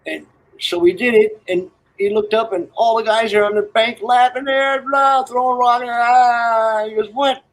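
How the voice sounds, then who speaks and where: A man's voice: very high-pitched, fairly even intonation, a little slow, low-quality recording. A man telling rambling, crude military stories and jokes in casual chat, laughing at his own lines. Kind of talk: casual storytelling on a live stream.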